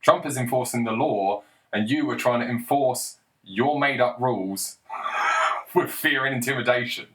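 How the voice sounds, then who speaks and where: A man's voice: mid-range voice, unhurried, fairly bright tone. A man giving a blunt, combative political commentary monologue, swearing often and arguing with rhetorical questions.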